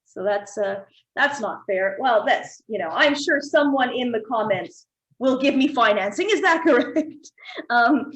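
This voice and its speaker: High-voiced woman hosting comedy chat. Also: expressive, a little slow, fairly bright tone, rough recording. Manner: playful, laughs often, reads viewer comments. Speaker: host.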